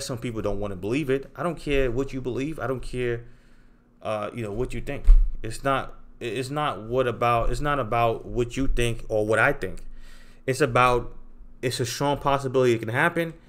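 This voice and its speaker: A man's voice: mid-range voice, a bit bright. A man hosting a trading channel, talking straight to his viewers in an unscripted, confrontational rant and tagging his points with "okay?" and "right?". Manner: emphatic and confrontational, repeats tag questions like okay and right.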